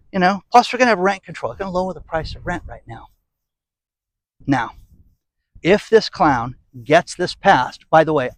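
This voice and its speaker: Sarcastic ranting man, fairly high voice. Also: dry recording. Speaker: political commentary vlogger. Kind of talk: opinionated commentary monologue.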